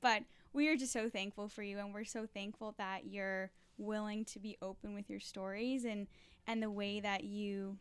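A young woman co-hosting a podcast, chatting warmly and gratefully with a guest. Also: medium pitch. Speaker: podcast co-host. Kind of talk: casual podcast chat.

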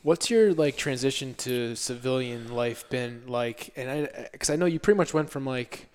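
A man's voice: mid-range voice, normal speed, clear, resonant tone. Man asking questions in an echoey room. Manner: curious, short prompting questions. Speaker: podcast host. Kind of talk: casual interview questions.

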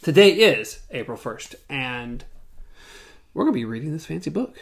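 A man's voice: medium pitch, very animated, normal speed, gravelly. A man hosting a podcast, casually reading a storybook aloud in a playful way and stumbling over words now and then. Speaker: podcast host.

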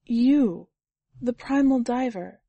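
A woman reader voicing a gentle, wise mother who speaks softly and calmly with a slight tremble. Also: on the high side, takes it slowly, breathy edge, no echo, muffled recording, heavily acted. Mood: tender. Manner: soft, calm, slightly shaking.

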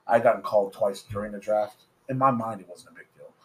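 A man's voice: lowish voice, steady tone, quick pace, a bit bright, slight background noise, low-quality recording. Young male co-host, laid-back and understated, casual chat. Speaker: podcast co-host.

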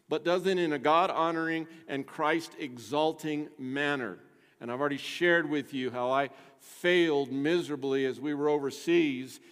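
A man preaching a sermon as pastor, earnest and putting direct questions to the congregation. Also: on the high side. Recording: long echo of a large hall.

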